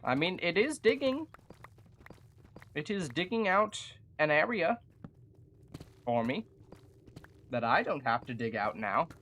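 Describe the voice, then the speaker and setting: A gaming streamer giving casual live commentary while playing, chatty, jokey and quick to poke fun at themselves. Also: mid-range voice, sing-song, a bit bright, slight background noise. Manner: chatty, self-mocking and jokey.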